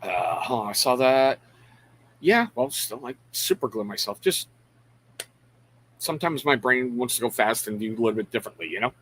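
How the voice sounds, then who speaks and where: A middle-aged host chats on a casual live stream at a normal pace, his mid-range voice expressive, a bit bright and breathy. He wanders from point to point, speaking openly and teasing himself, and interrupts his own thoughts to greet viewers by name. Audio quality is poor.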